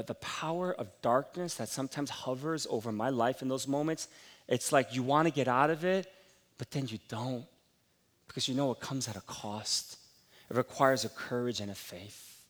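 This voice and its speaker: A man's voice: mid-range voice, moderate pace. A middle-aged man preaching a sermon, telling candid, self-deprecating stories about his own week. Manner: candid, self-deprecating storytelling, rising animated. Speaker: pastor. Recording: long hall reverb.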